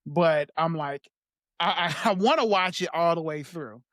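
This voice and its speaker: A man as a podcast guest, talking in a soft, halting way with small laughs as he reflects on personal memories. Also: on the high side, dry recording, studio quality.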